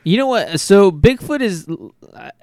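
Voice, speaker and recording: A man's voice: sits high, animated, a little slow, darkish tone, no room sound. A man co-hosting a podcast in casual chat, rambling and swearing with lots of restarts. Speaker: podcast co-host.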